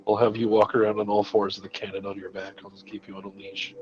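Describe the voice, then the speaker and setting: A man's voice: on the low side, monotone, fast. Lo-fi off-mic man cracking jokes. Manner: loud quips from off-mic. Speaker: player. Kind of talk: casual tabletop game chat. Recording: dull, lo-fi distant mic.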